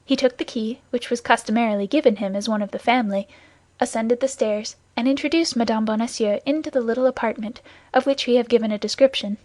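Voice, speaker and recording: A woman reading a classic novel aloud as an audiobook narrator, in steady, even storytelling. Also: fairly high pitch, quick pace, dry recording.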